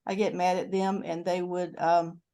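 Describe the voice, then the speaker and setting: Warm and low, with little movement in pitch, this older woman's voice keeps a moderate pace. She's a channel host from North Carolina, USA, speaking with a North Carolina Southern American accent as she rambles through a casual video-call chat full of fillers and restarts.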